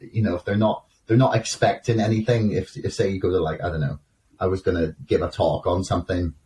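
A man's voice: deep voice, steady tone, a little fast, dark tone, recorded from a distance, slight background noise. A man interviewing a guest, asking long, hesitant questions full of restarts. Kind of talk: casual interview.

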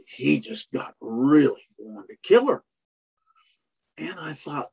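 A man's voice: medium pitch, expressive, slow pace, creaky, warm tone, breathy edge. A man who trains horses, telling a long personal story in a rambling way, full of restarts and "you know". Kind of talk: casual storytelling in conversation.

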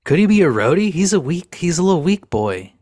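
A man's voice: high-pitched, very animated, brisk, a little mellow, no echo, studio quality. A man co-hosting a podcast, tossing out crude jokes in casual chat. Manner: crude, joking, punchy quips. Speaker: podcast co-host.

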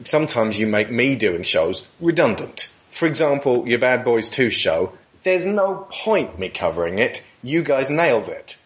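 A man interviewing movie podcast hosts, talking in a wry, measured way. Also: mid-range voice, sing-song. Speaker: podcast guest host. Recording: dull lo-fi sound.

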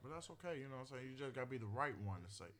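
A man's voice: medium pitch, expressive, rapid-fire, a bit bright. A man co-hosting a podcast in casual chat, laid-back and agreeable, chiming in with short replies and advice. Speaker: podcast co-host.

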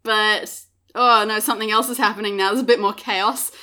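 A woman's voice: mid-range voice, fairly even intonation, a little fast, pushed and bright. A woman narrating a tabletop game as game master, playful and often laughing.

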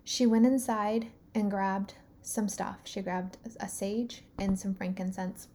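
Animated woman telling a story, mellow tone. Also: medium pitch, slow pace. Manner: animated, filler-heavy retelling with acted-out quotes. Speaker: podcast host. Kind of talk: personal storytelling.

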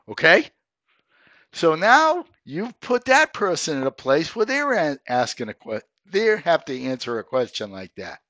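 A man's voice: fairly high pitch, sharp tone, no room sound. A man hosting a career advice podcast, talking straight to listeners in an emphatic coaching way and often checking in with "okay?". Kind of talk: solo podcast monologue.

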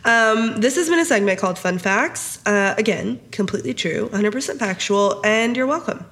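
Woman podcast host, thirties, giggly, chatty, mid-pitched voice. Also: expressive, moderate pace, a bit bright. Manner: giggly, chatty, says "like" often. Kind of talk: casual podcast chat.

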